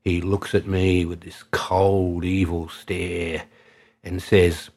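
A man's voice: low voice, little pitch movement, slow pace, gravelly. A man with an Australian accent, a taxi driver telling a vivid anecdote in colloquial, conversational speech. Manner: colloquial, vivid storytelling, drops quiet for tension. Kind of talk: spoken anecdote.

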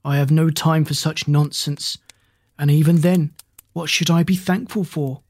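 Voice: medium pitch, fairly even intonation, measured pace, darkish tone, dry recording. A storyteller voicing a distraught, hot-tempered farmer who has lost everything, in a dry, close recording. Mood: scornful. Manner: wailing, annoyed complaints. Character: distraught hard-working male farmer, grieving and quick-tempered.

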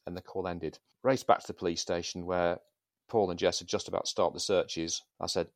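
A middle-aged man telling police stories as a podcast guest, in a measured, dry manner with some hesitations. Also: low voice, fairly even intonation, no echo. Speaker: guest, former police sergeant. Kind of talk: anecdotal storytelling.

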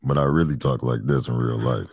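A man putting on an ultra-deep, gravelly voice and insisting, deadpan, that it is his real one. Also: fairly quick. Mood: deadpan insistent. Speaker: interview guest in a played clip.

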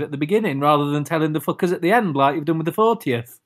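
A man co-hosting a comedy podcast, teasing and quick. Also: on the high side, lively intonation. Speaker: podcast co-host.

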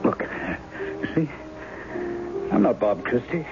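A man's voice: mid-range voice, lively intonation, takes it slowly. An actor in his forties playing a charming writer who poses as a woman's lost husband, breezy and teasing, in 1970s radio drama style. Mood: rueful. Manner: teasing, breezy, later rueful. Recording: dull old radio broadcast with music.

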